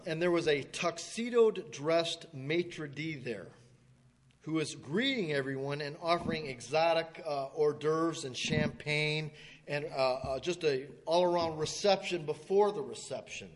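A man preaching, telling a story in a folksy way, stammering now and then and clearing his throat as he acts out the people in it. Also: a little high, measured pace. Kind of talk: sermon illustration storytelling. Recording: long hall reverb.

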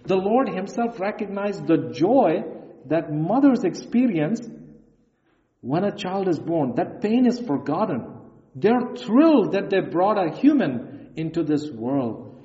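A man preaching a sermon with an earnest, emphatic delivery, reading scripture aloud. His voice sits on the higher side and sounds mellow. The recording is dull and lo-fi, with long echo from a big hall. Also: very animated, slow.

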